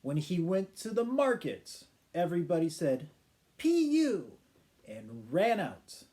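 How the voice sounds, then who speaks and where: Brief: man teacher reading a funny tale slowly, mellow and warm, with playful sound effects. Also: on the high side, big pitch swings. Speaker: English teacher. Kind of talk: children's storytelling for English learners.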